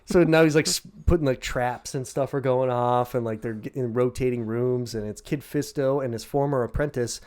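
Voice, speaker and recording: A man co-hosting a casual podcast, recapping a story over beers with heavy swearing. He jumps into quick shouted impressions. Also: mid-range voice. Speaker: podcast co-host.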